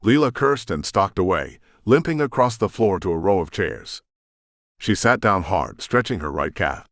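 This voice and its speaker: A man narrating a first-person fantasy audiobook with intense, expressive storytelling, on a close studio mic. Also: sits low, normal speed, no echo.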